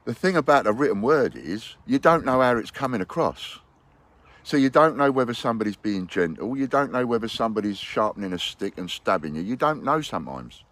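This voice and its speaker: A man's voice: fairly low pitch, fairly bright tone. A man speaking to his investors in an unscripted, blunt and rambling monologue. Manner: blunt and rambling, with hypothetical quotes. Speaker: business owner addressing investors.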